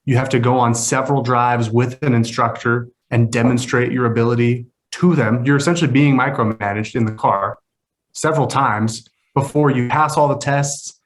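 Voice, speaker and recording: A man co-hosting a podcast walks through his points one step at a time, in an even, methodical way. His voice sits at an ordinary middle pitch. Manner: explains with step-by-step lists. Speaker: podcast co-host. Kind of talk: casual podcast chat.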